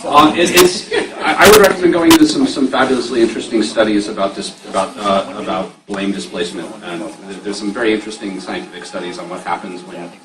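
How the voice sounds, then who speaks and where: A man speaking on a convention panel of voice actors, chatty and quick to laugh. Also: fairly low pitch, fairly even intonation. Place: large convention panel room. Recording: echoey hall from far off, noisy.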